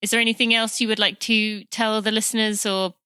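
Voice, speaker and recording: A woman's voice: fairly high pitch, little pitch movement, fairly quick, bright, forceful tone, smooth, no echo. A woman hosting a podcast interview, chatty and playful, laughing easily. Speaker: podcast host. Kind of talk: casual interview chat.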